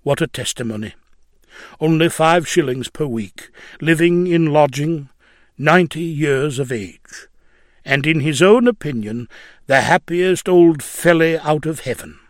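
Male narrator, solemn and measured, slightly high voice, dry close sound. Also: no echo. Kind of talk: scripted reading of a religious story.

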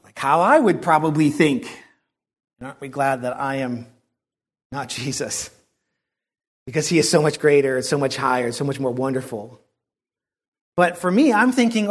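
Earnest preacher man, higher voice. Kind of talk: sermon.

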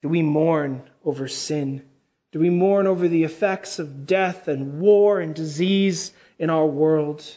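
A fervent male preacher with a high voice, rising to loud exclamations and then dropping into hushed, slow passages. He stretches out important words for emphasis. The recording sounds dull and lo-fi. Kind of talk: sermon.

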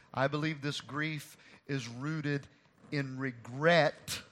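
A man preaching an expository sermon, going from hushed and low to loud and impassioned. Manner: swings from hushed to impassioned, rising loud when voicing David's grief. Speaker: pastor.

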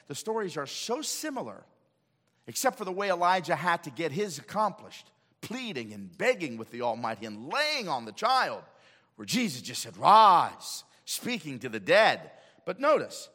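A man preaching a sermon in a church, swinging from loud declarations to hushed asides. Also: on the high side, husky, in a large hall. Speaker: pastor. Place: church sanctuary.

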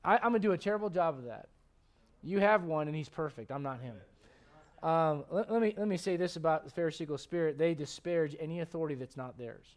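A man in his thirties delivers a Sunday sermon with a noticeably high voice. He is animated and conversational, often restarting his sentences as he talks. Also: fast. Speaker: pastor.

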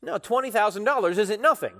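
A pastor preaching an expository sermon, emphatic, with sudden rises and falls in loudness. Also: male voice, sits high, expressive, fast talker, in a large hall.

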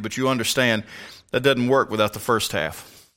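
A man's voice: medium pitch, normal speed, a bit bright. An older man, a pastor, preaching a sermon in an emphatic, folksy way with asides to the congregation.

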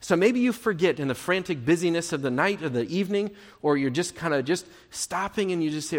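Pastor, male, slightly high voice, easygoing and encouraging sermon delivery, long church reverb. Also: animated, a little fast, few pauses. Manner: conversational, encouraging, acts out sample prayers.

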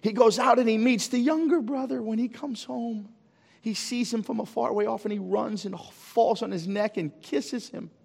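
A male pastor preaching a sermon to his congregation, dramatic and full of rhetorical questions, swinging from near-shouting to hushed. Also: extremely high pitch, moderate pace, gravelly. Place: church. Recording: long reverb of a church hall.

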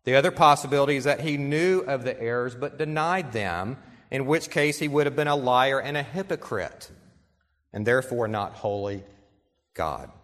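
A male pastor delivering an earnest sermon, reading quotations aloud and slowing down to stress key points. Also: medium pitch, expressive, fairly bright tone. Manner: earnest preaching, reads quotations aloud, slows for emphasis. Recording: long reverb in a large hall.

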